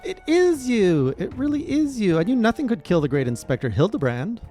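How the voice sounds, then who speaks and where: A man voicing a cheerful, excitable young woman sidekick from a video game while reading the dialogue aloud. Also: high-pitched, moderate pace, soft background music, pitched above the performer's own voice. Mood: excited.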